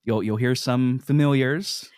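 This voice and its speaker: A man talking as a guest on a podcast, casual and halting, with many fillers and restarts. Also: mid-range voice, darkish tone, clear, resonant tone, no echo, clean studio sound. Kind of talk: casual chat.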